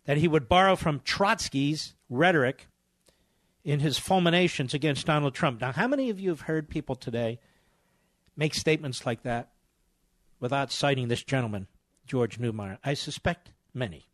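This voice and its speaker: A man's voice: mid-range voice, animated, moderate pace, dry recording. A middle-aged man hosting a talk radio show, delivering scornful, combative commentary with hammering repetition.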